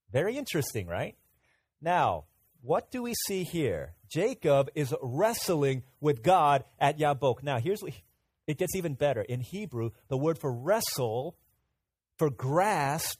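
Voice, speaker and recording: A man preaching a sermon to his congregation in a fairly high voice. He swings between emphatic, raised lines and quieter asides, and he has the listeners repeat words back to him. The sound is dry and close to the mic. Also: sing-song, moderate pace, breathy edge, no room sound. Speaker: pastor.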